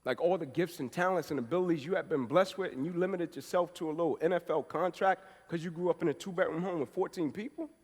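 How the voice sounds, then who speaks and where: A man in his thirties giving a passionate motivational speech, telling his story and building to forceful, emphatic peaks. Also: on the high side, fast, few pauses. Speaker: motivational speaker. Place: event hall. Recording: speech in a reverberant hall.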